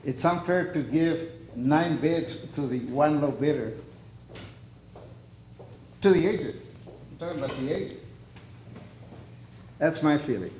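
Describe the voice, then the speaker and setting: A man with a mellow, dark voice argues his case at a board meeting. He speaks insistently, with halting restarts. The room is echoey and a faint ambient hum runs underneath. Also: fairly high pitch. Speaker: public commenter at a board meeting. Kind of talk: public comment at a board meeting.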